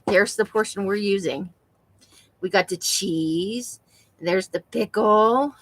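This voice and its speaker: While she crafts on her livestream, a Nevada woman chats easily with her viewers and laughs a lot. She speaks slowly in a medium-pitched voice, and the rough recording has no echo.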